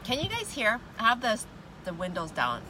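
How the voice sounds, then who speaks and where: Sitting in her parked car with the windows open, a woman hosts a livestream, greeting viewers and laughing a lot as she chats casually. Her slightly high voice swoops wildly in pitch at a normal pace. You can faintly hear traffic outside.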